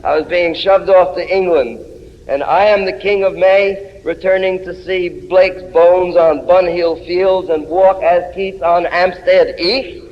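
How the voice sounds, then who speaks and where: A man's voice: high voice, fairly even intonation, measured pace, long reverb tail, highs cut off. A man reading his own poem aloud in a chanting, incantatory way, returning again and again to the same refrain. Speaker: poet. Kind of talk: poetry reading.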